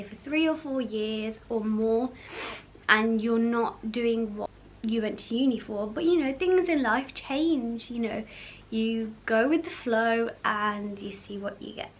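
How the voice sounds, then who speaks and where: Young woman vlogging, high-ish voice, lots of "you know" and laughing, faint hum in the room. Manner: chatty, lots of fillers and laughter. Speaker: vlog host. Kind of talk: casual chat to camera.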